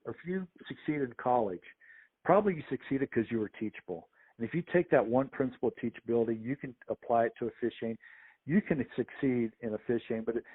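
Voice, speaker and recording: A middle-aged man, a veteran sports official, spins lively stories and slips into the voices of the people he quotes. His voice sits at an ordinary middle pitch. It comes through a thin, tinny phone line. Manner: lively anecdotes, acts out the voices of others. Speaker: sports official, podcast guest. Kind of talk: conversational storytelling interview.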